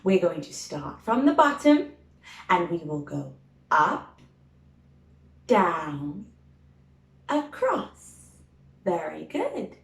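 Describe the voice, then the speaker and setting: A woman's voice: fairly low pitch, sing-song, vocal fry. A woman teaching a phonics lesson to young children, drawing out letter sounds and praising often. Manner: slow, drawn-out sounds, encouraging praise. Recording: roomy echo.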